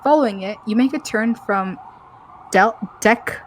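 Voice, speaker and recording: A woman's voice: fairly high pitch, unhurried, a little hiss or hum. A woman co-host reading a story game's narration aloud, stumbling over words and laughing often.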